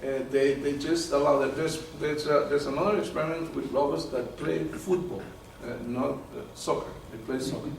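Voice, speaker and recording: A man giving a live talk to an audience, animated and often repeating words as he searches for terms. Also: on the high side, moderate pace, gravelly, few pauses, slight background noise. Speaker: presenter. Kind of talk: live lecture with audience questions. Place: meeting room with an audience. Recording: very echoey room from far off.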